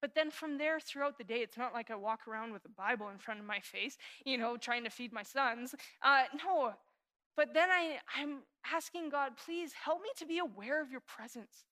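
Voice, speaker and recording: A woman's voice: on the high side, normal speed. Earnest woman pastor preaching a sermon. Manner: earnest, confessional, shifting from hushed prayer to animated emphasis.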